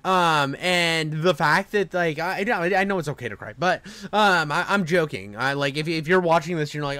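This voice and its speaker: A young man streaming live, reacting in crude, excitable rambling commentary full of swearing. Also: sits high, fairly quick, few pauses, no echo. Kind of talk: casual livestream commentary.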